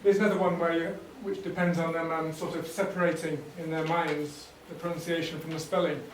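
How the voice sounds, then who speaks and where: A man's voice: fairly high pitch, fairly quick, a little hiss or hum. Man explaining in an echoey room. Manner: explanatory, relaxed, with fillers and restarts. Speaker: workshop trainer. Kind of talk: teacher training talk. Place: workshop room. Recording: echoey room, distant mic.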